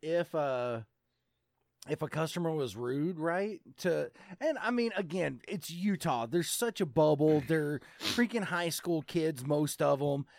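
A man's voice: on the high side, animated, measured pace, vocal fry, no room sound. Easygoing man in casual chat. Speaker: podcast co-host.

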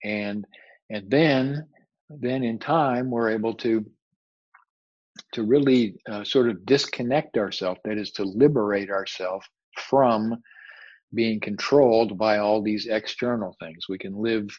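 A man's voice: fairly low pitch, unhurried, darkish tone, husky, dry recording. A man giving a spiritual lecture as a teacher, reflective and searching for his words, often repeating phrases. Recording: dull, slightly muffled recording.

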